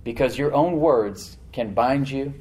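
A male pastor preaching a sermon in church, animated, slowing down to stress words and acting out the voices he quotes. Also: medium pitch, slight background noise. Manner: animated preaching, slows for emphasis, acts out quoted voices and laughs.

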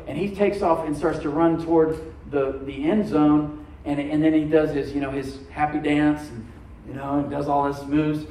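A man's voice: a little high, steady tone, moderate pace, mellow. A male pastor preaching to a congregation in a church, talking in a loose, conversational way and often checking in with "Amen?". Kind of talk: sermon. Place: church room before a congregation. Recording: echoey room, mic at a distance.

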